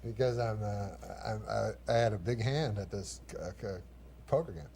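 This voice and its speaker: A man, a guest comedian, telling a rambling anecdote in a dry, halting way, with chuckles and mimicked voices. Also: fairly low pitch, a little mellow, slight background noise.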